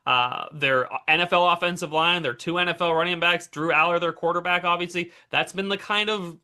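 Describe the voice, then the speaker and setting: A man guesting on a sports betting show, talking college football in an excited, quick casual chat. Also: high voice. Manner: excited and quick, piling up team names.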